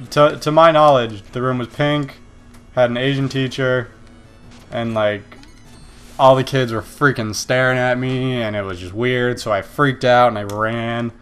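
A young man with a smooth, mid-range voice hosts a relaxed video game playthrough. He rambles as he plays and cracks jokes at his own expense in this casual let's-play commentary.

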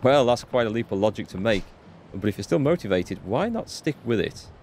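A man reading the lines of a calm, practical male brawler from a game, in a dry, matter-of-fact way. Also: on the low side, fairly quick, slight background noise. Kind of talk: reading game subtitles aloud.

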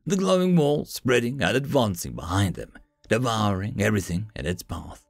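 A man narrating a fantasy story in an expressive, dramatic manner. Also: lowish voice, moderate pace, creaky, no room sound.

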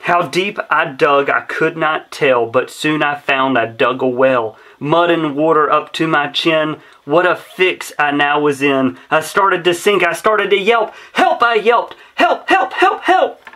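A man's voice: on the high side, measured pace, hardly any pauses, pushed and bright. A man reading a rhyming children's story aloud in a rhythmic, sing-song way. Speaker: storybook reader.

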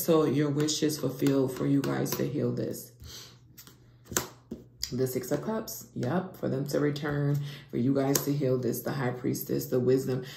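A woman with a low, gravelly voice talks through a tarot reading at an unhurried pace. She swings between hushed whispers and excited outbursts. The room is echoey, with steady noise behind her. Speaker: tarot reader. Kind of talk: casual tarot reading monologue.

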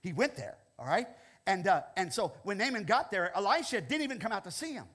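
An older male pastor preaches with animation, laughing readily between lines and saying "okay?" again and again. His husky voice is high and bright, and his pitch rises and falls widely.

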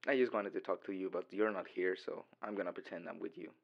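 A man's voice: low-pitched, fairly even intonation, fast talker, gravelly, muffled recording. Giggly young man. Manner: giggly, rambling, dorky. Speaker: boyfriend in audio role-play. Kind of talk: casual voicemail role-play.

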